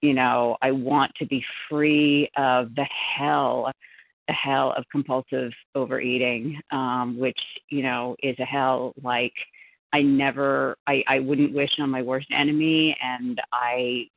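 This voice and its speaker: A woman sharing at a recovery meeting, fervent and halting, often repeating herself. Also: a bass voice, level tone, vocal fry, no room sound. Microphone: phone call. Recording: tinny phone line.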